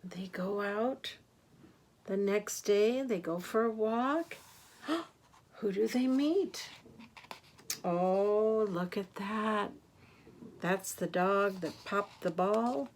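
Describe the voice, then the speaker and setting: An older woman, a grandmother, reading picture books aloud to children in a gentle, expressive way, gasping and asking them questions. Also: mid-range voice, drawn-out words, long pauses, slight background noise. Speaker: grandmother storyteller.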